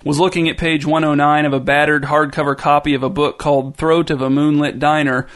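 A man reading a story aloud as narrator, with even, wry narration. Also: a little high, a little fast.

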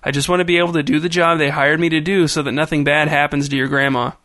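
A man's voice: on the high side, fairly even intonation, quick pace, bright, forceful tone, no echo, clean studio sound. A man voicing a young woman babysitter who stays firm but conciliatory.

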